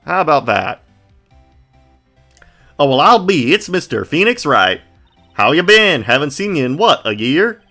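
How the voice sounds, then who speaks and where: A man's voice: mid-range voice, huge pitch swings, unhurried, vocal fry, few pauses, bright, forceful tone, faint music behind, voice pushed up, heavily acted. A man voicing a brash, pushy Southern woman photographer in a game, talking in a folksy drawl with country slang. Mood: brash excited.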